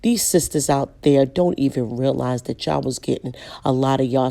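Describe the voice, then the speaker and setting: A woman preaching in a blunt, direct way, repeating key lines and slowing down to drive her points home. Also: rumbling low, creaky, warm tone. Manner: direct, emphatic, repeats lines and slows down for stress. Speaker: online preacher.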